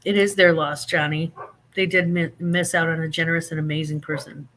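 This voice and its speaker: A man hosting a casual livestream, chatting animatedly with viewers and reading out their comments. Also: a little high. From Saint Louis. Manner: animated, chatty, drawn-out emphatic phrases. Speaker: livestream host.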